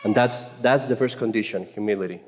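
Speaking briskly in a lowish voice, a man addresses a Catholic mothers' conference with a casual, joking faith talk full of stammered restarts. There's slight background noise, and the hall echoes with long reverb.

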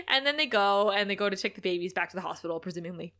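A woman's voice: on the high side, moderate pace. A woman co-hosting a podcast, recapping an episode in casual chat, often laughing and acting out the characters' lines. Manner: animated, laughs often, acts out quotes. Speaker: podcast co-host.

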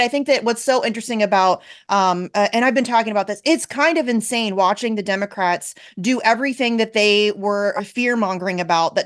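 A woman hosting a talk show, introducing her guest and speaking emphatically in casual political chat. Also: fairly high pitch. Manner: emphatic, agreeing, fast asides. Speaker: show host.

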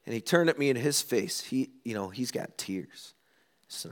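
A middle-aged man preaching a sermon, telling stories and acting out quoted lines with lively ups and downs. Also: on the low side, a little slow, creaky, pauses often. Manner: animated storytelling, acts out quotes. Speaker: pastor.

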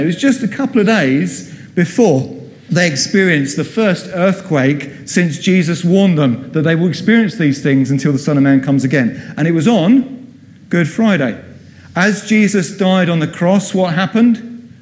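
Male preacher, conversational sermon, asks the room questions, slightly high voice, long hall echo. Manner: chatty, quizzing the congregation.

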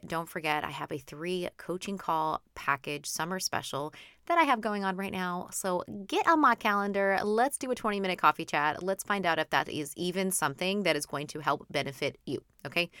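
A woman's voice: lowish voice, pushed and bright, smooth, no room sound, clean studio sound. A woman in her thirties hosting a casual podcast as a coach, chatty and encouraging, often checking in with "okay?" and "right?".

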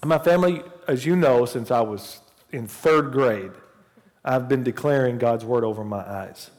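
A man's voice: medium pitch, moderate pace, a little mellow, big-room sound. A man in his forties preaching a sermon in church as the pastor, telling a casual personal story before building to fervent preaching. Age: 40s. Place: church sanctuary.

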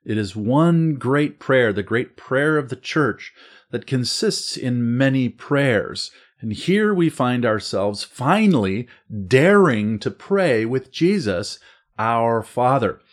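A man hosting a podcast discussion, walking listeners through the liturgy in a measured, explanatory way. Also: mid-range voice, very animated. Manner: measured, explanatory, slows down to stress points. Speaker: host. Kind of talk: guided walk through the liturgy.

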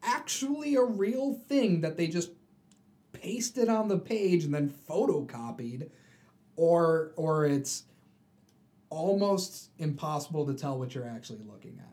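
A podcast co-host energetically retells a comic book story, acting out the characters' voices and lines. His voice is a little high and his delivery a little slow, in a casual setting.

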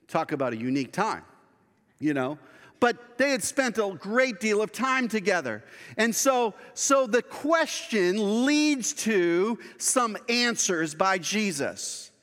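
A man's voice: sits high, fairly bright tone, big-room sound. A man preaching a sermon as pastor, earnest and conversational, asking his congregation rhetorical questions.

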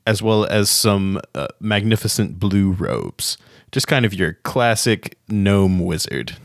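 A man narrating as game master of a tabletop game, unhurried and descriptive. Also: fairly low pitch, no echo, clean studio sound.

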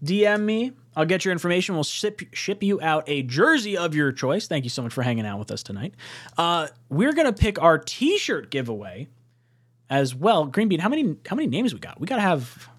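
A young man co-hosting a live sports fan stream, rambling excitedly with frequent laughs and the odd swear word. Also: a little high, fairly quick. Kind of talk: excitable casual chat.

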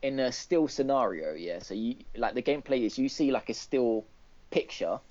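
A man's voice: medium pitch, lively intonation, normal speed, darkish tone. A man co-hosting a gaming podcast, rambling through casual chat with lots of fillers and restarts. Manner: rambling, filler-heavy retelling with many restarts. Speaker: podcast co-host. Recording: dull lo-fi podcast audio.

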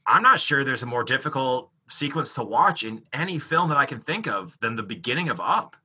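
A man's voice: mid-range voice, big pitch swings, a little fast, bright, forceful tone, breathy edge. A man co-hosting a casual podcast chat about movies, reflective with jokey asides. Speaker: podcast co-host.

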